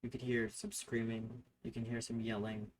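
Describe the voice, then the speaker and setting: A game master with a medium-pitched, level voice narrates a tabletop game at normal speed. He improvises scene descriptions with fillers, often correcting himself mid-sentence.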